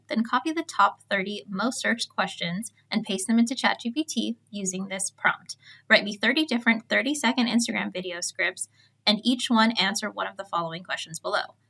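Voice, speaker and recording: A woman's voice: medium pitch, brisk, gravelly. A woman reading a scripted step-by-step tutorial voice-over. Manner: steady step-by-step explaining.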